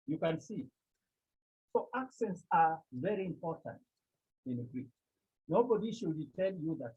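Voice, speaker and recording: A Cameroonian man leads a Greek lesson at an unhurried, measured pace. His voice is a little husky. It comes through a thin, phone-like line. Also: fairly high pitch, big pitch swings, darkish tone. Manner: slow, deliberate, repeats key points and checks with "Okay?". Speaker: Greek teacher. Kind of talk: classroom lecture.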